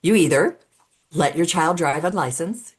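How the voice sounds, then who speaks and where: A middle-aged woman with a low, slightly rough voice speaks a little slowly as a road safety advocate guesting on a podcast. She explains things earnestly, walking through each step as though building a case, with lots of "um"s.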